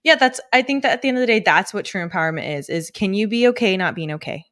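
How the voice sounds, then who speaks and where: Fast-talking upbeat woman therapist. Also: mid-range voice, expressive, a bit bright. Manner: quick, upbeat and chatty. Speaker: therapist and podcast host. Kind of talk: casual conversational podcast chat.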